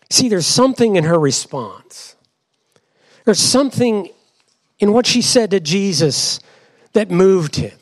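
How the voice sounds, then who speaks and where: Male pastor with a high, animated voice and slow, deliberate delivery; dramatic sermon style that keeps questioning the congregation. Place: church before a congregation.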